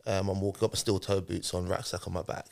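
A man's voice: low voice, fast talker, creaky. A man, a podcast guest telling a personal story in conversation, animatedly acting out what people said. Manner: animated retelling, acting out quoted speech.

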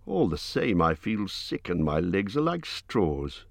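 A man voicing a small, fussy, kindly male hobbit who speaks in a high, eager, slightly shaky voice. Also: big pitch swings, a little slow, vocal fry, no room sound, clean studio sound, heavily acted.

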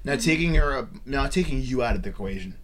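A man's voice: medium pitch, animated, fast talker, fairly bright tone, slight background noise. A man hosting a casual podcast chat, talking earnestly about faith and healing. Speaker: podcast host.

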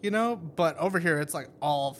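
A man's voice: on the high side, expressive, moderate pace, slight background noise. A young man co-hosting a casual podcast, laid-back and sarcastic, swearing casually. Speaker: podcast co-host. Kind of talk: casual chat. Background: military jets overhead.

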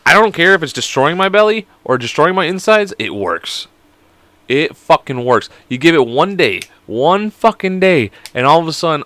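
A man's voice: mid-range voice, fairly bright tone, no echo. A young man hosting a casual solo podcast, joking around, rambling and swearing a lot. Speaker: podcast host.

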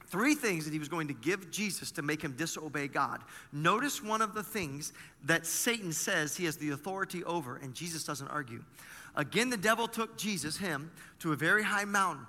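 A male pastor delivers a sermon in a high, very bright, forceful voice. He preaches conversationally, throwing rhetorical questions at his listeners. His voice rings with the long reverb of a large church hall.

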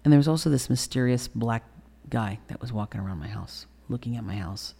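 Interview guest: woman in her sixties, very low gravelly voice, blunt, profane storyteller. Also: a little fast, mellow. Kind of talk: candid storytelling in a podcast interview.

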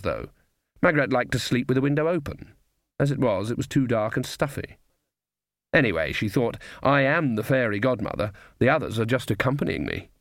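A man narrating a comic fantasy audiobook in a dry, measured storytelling manner. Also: mid-range voice, no echo. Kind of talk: scripted narration.

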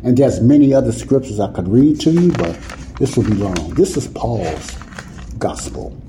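A man's voice: medium pitch, sing-song, moderate pace, background noise. A man teaching the Bible in an informal sermon, talking casually with folksy grammar and often asking if listeners see what he's saying. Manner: repetitive, keeps asking "you see what I'm saying?".

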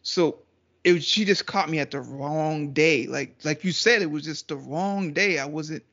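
A man on a podcast talks in a laid-back, joking way. His voice sits a little high. The audio is muffled and lo-fi. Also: normal speed, bright, forceful tone. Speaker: co-host. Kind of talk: casual podcast chat. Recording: dull lo-fi sound.

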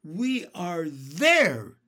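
A man reading a children's book aloud, voicing a kindly old male grasshopper who keeps up a gently upbeat, encouraging tone. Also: on the high side, very animated, normal speed. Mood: cheerful.

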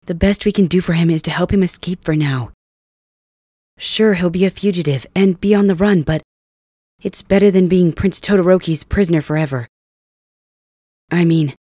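A woman's voice: on the low side, normal speed, pauses often, no echo, clean studio sound. A woman speaking urgently and with determination to the listener in an ASMR audio role-play. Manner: urgent, determined, hushed at times.

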